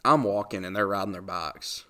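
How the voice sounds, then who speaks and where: A young man spins a rambling story in casual podcast chat. His voice sits on the low side, and he acts out the people he quotes. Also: moderate pace, bright, forceful tone. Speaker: podcast host.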